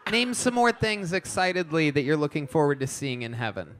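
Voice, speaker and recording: A man's voice: on the high side, a little fast, fairly bright tone, some chatter behind. A man hosting a live comedy show, asking the guest teasing questions. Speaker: host.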